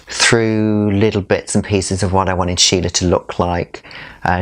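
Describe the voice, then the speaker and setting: A man from England, a drag performer, telling his story in a candid documentary interview. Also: deep voice.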